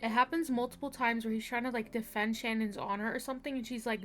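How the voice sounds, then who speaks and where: A woman's voice: on the high side, fairly even intonation, fast talker, slight background noise. A woman reviewing a book in a casual vlog, talking frankly with lots of fillers and sounding exasperated.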